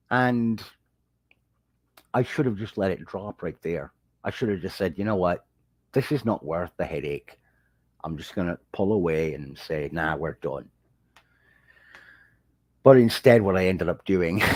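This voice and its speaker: A man hosting a casual livestream, telling a story in a lively way and greeting viewers as they join. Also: no room sound. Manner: animated storytelling, jumps high when quoting people. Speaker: livestream host and fantasy author. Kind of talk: casual rambling livestream chat.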